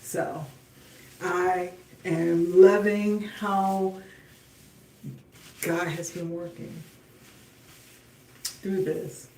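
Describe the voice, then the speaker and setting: A woman's voice: lowish voice, steady tone, very slow, long pauses, dark tone, recorded from a distance, slight background noise. Chatty woman live-streaming in an echoey room. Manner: chatty, speaks to viewers directly, faith talk. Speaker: livestream host. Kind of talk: casual livestream chat while styling hair. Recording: roomy echo, voice off-mic.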